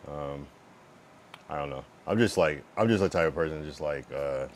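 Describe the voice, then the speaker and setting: A man's voice: a bass voice, normal speed, a little hiss or hum. A male streamer chatting casually to his viewers, rambling, profane and blunt, with lots of fillers. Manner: talks to chat while fiddling with his stream setup. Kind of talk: casual livestream chat.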